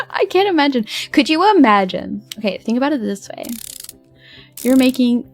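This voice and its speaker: A young woman with a slightly high voice chats on her livestream, rambling from one thought to the next. She laughs often, swears freely and breaks into dramatic outbursts, with faint music playing behind her. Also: very animated, a little slow, pauses often, a little mellow. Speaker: streamer. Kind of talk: casual livestream chat.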